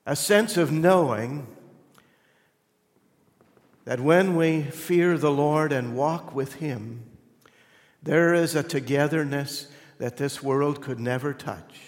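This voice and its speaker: A man's voice: fairly high pitch, slow, long pauses, big-room sound. A male pastor preaching a sermon in a conversational, storytelling way, earnest and reflective.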